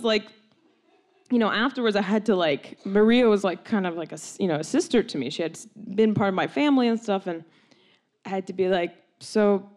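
A young woman telling a long personal story, animated and laughing often, with many "like"s and quoted voices. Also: mid-range voice.

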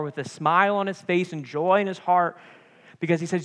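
Passionate preacher, echoing church hall. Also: male voice, fairly high pitch, fast, fairly bright tone. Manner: passionate, rising and falling preaching with call-outs; casual, playful asides to the congregation. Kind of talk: sermon.

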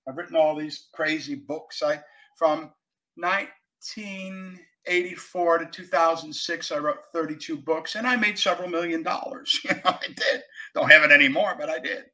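An older man, a guest actor and author, telling stories in a casual interview, animated and emphatic, swinging between loud and quiet. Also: fairly high pitch, normal speed, rough recording.

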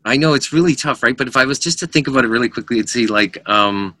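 Man, middle-aged, bright edgy tone, dry close sound, animated storytelling. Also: mid-range voice, fast talker, no room sound. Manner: animated anecdotes with quoted voices. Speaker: musician guest. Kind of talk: casual storytelling chat.

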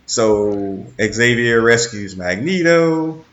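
A man's voice: mid-range voice, expressive, takes it slowly, fairly bright tone, lo-fi sound. A man co-hosting a casual watch-along chat, joking and explaining background details. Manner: laid-back, joking, explains history. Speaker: podcast co-host.

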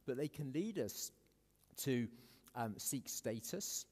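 A man's voice: medium pitch, animated, takes it slowly, a little mellow. A man with an English accent preaching a sermon in a conversational, self-deprecating way, with many fillers and restarts. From South Africa. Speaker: pastor. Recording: echoey hall with long reverb.

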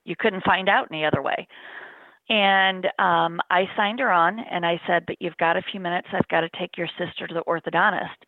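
Low-voiced middle-aged woman on a tinny line. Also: steady tone, a little fast, dry recording. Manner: earnest, plain-spoken storytelling, often in the present tense. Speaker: interview guest, bereaved mother. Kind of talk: personal account in an interview. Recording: dry, phone-like narrow sound.

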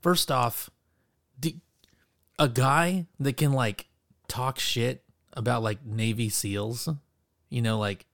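A man's voice: medium pitch, takes it slowly, vocal fry, pauses often, a bit bright, no echo. Rambling casual man, dry sound. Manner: rambling, laughing, full of fillers and swearing. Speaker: podcast co-host. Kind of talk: casual chat.

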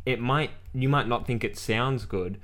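A man's voice: mid-range voice, measured pace, fairly bright tone. A young man in a casual podcast chat. He thinks aloud and stumbles over repeated restarts. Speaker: podcast co-host.

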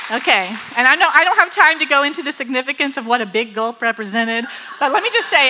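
A woman's voice: high voice, lively intonation, quick pace, sharp tone, a faint crowd, slight background noise, poor audio. A woman with children tells a personal story, acting out the quotes and laughing often. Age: adult with children. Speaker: speaker telling a personal story.

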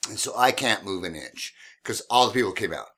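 A man's voice: lowish voice, a little fast. A man telling a casual story about his days driving a cab, laughing often and acting out the people in it. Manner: animated, laughs often, acts out quoted voices. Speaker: podcast guest telling cab stories.

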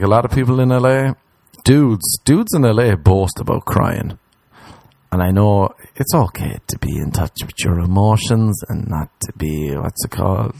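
Brief: male comic host, rambling and profane, lowish voice, dry close mic. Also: gravelly, a little mellow, dry recording. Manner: rambling, profane storytelling that slips into mock voices. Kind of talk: comedic monologue.

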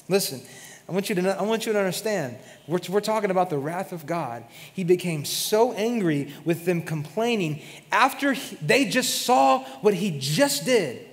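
A man preaching a sermon as pastor, retelling a story with lively acted-out voices. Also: high-pitched, a little slow, big-room sound. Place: church sanctuary.

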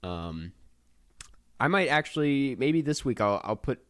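A man's voice: medium pitch, very animated, measured pace, a bit bright. A man co-hosting a casual podcast, talking loosely with lots of ums and laughs. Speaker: podcast co-host. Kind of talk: casual chat.

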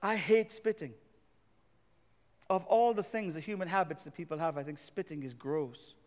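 A man with a notably high voice preaches a sermon, mixing wry self-deprecating storytelling with emphatic declarations. His voice rings out with a long reverb through the church hall. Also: moderate pace, darkish tone. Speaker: pastor.

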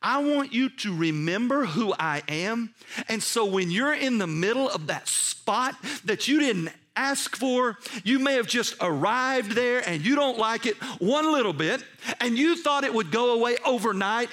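A man's voice: extremely high pitch, lively intonation, normal speed, fairly bright tone. A man pastor giving a sermon to his congregation, emphatic and repetitive, putting questions straight to his listeners. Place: church service.

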